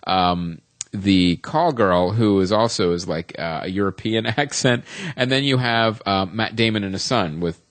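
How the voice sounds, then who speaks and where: A man's voice: on the low side, fairly bright tone, no echo. A man co-hosting a film podcast, reviewing a movie in casual chat, rambling with many ums and restarts.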